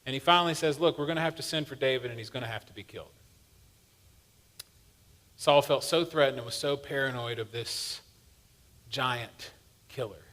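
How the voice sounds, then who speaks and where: A man's voice: mid-range voice, moderate pace, long pauses, fairly bright tone. A male pastor giving a sermon in a church, telling a story in a conversational, humorous way. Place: church sanctuary.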